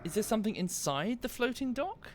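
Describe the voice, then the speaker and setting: A man's voice: high-pitched, expressive, fairly quick, slight background noise. Man musing aloud on a game stream. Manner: thinks aloud, muttering asides and self-corrections. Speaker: gaming streamer. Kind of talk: casual live-stream commentary.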